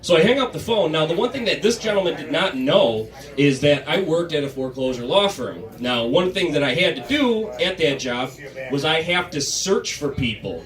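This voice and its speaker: A young man doing stand-up, telling a long personal story in a conversational, deadpan way with many filler pauses. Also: on the high side. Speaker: stand-up comedian. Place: comedy club stage before a live crowd. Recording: echoey room, mic from a distance, crowd audible.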